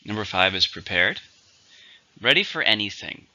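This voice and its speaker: A man teaching English vocabulary, slowly drilling each word's syllables and stress. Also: lowish voice, sing-song, pushed and bright. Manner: clear, slow drilling of words and stress. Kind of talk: vocabulary lesson. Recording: dull lo-fi recording.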